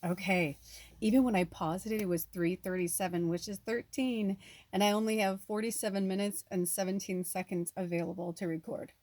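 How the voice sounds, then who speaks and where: A woman on the US West Coast making a casual vlog as a spiritual medium, chatting excitedly while unboxing a gift. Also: medium pitch, brisk, dry recording. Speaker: spiritual medium and tarot reader. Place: at home, off-grid.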